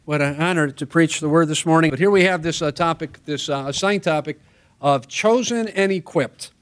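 A man's voice: on the high side, normal speed, fairly bright tone. A middle-aged man preaching a sermon in a chapel, conversational and storytelling with wry asides.

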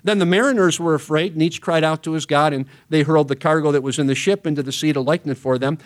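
A male pastor with a slightly higher-pitched voice delivers a sermon. He reads scripture briskly, then turns to preaching with earnest emphasis. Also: steady tone.

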